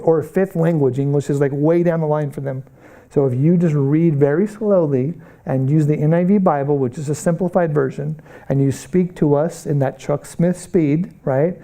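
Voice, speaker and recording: Bright, animated missions teacher, a man. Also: fairly high pitch. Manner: earnest, animated preaching with rhetorical questions. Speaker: Bible college missions teacher. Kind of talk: classroom lecture.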